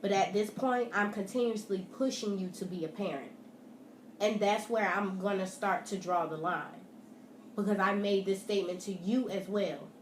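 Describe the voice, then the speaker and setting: A woman's voice: mid-range voice, normal speed, slight background noise. Blunt, profane woman ranting at the camera. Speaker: vlogger. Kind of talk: ranting direct-to-camera vlog. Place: at home. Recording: echoey room.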